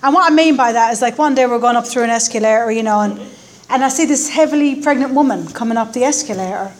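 A woman's voice: a little high, quick pace. A woman with an Irish accent, a guest speaker telling her life story at a meeting into a stand microphone, wry and self-mocking. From Ireland. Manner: wry, self-deprecating storytelling with acted quotes. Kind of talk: personal story talk at a recovery meeting.

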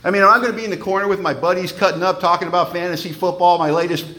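Lively storytelling man, higher voice. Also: rapid-fire, a little hiss or hum. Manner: animated, conversational, repeats "man". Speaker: speaker at a recovery meeting. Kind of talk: storytelling talk to an audience.

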